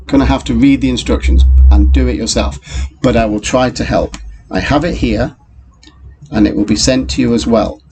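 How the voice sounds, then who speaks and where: A man teaching a recorded phonics lesson to young children, in a slow and patient way, talking straight to the pupils. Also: mid-range voice, a little mellow, slight background noise. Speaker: primary school teacher.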